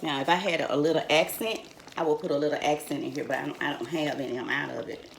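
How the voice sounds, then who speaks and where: Gravelly low-voiced older woman. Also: fairly even intonation, fast, slight background noise. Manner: folksy, chatty, calls viewers honey and y'all. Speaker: home cook host. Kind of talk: casual cooking demonstration. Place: home kitchen. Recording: echoey kitchen with cookware clatter.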